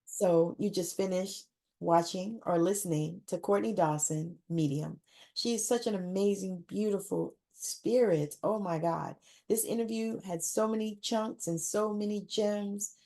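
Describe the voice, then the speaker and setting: Woman podcast host, gushing and chatty, quick to laugh, mid-pitched voice. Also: mellow. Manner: effusive, laughs often, repeats words for emphasis. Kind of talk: casual interview wrap-up.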